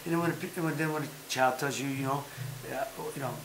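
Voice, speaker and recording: A man hosting a casual chat show, talking in an animated, emphatic way and repeating his points. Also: medium pitch, fast talker, echoey room, slight background noise, rough recording. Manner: talks about having been a fighter. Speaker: podcast host.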